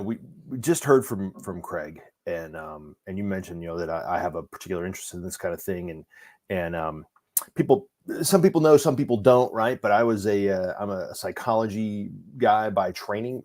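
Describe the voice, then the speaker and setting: Man guest on a podcast, lowish voice, earnest, some teasing. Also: normal speed, darkish tone. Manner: earnest, many fillers and restarts, self-mocking jokes. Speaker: guest, organization leader. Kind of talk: casual podcast chat.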